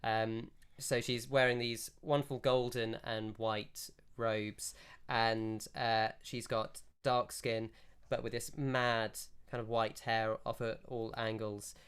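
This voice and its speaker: Smooth-voiced man narrating a tabletop game. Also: mid-range voice, takes it slowly. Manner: relaxed, rambling narration. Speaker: game master.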